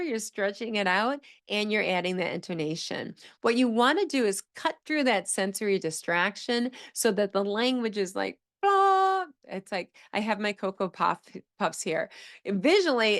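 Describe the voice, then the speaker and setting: A woman speech-language pathologist teaching on a podcast, explaining points step by step and acting out phrases with exaggerated, sing-song intonation. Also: medium pitch. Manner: explanatory, repeats key phrases, says "okay?" to check in.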